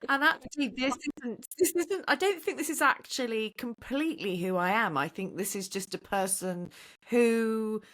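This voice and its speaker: A woman's voice: a little high, moderate pace, a bit bright. A woman in her forties, a podcast guest, reflecting openly in conversation and often seeking agreement with tag questions. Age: 40s. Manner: open, musing, seeks agreement with tag questions.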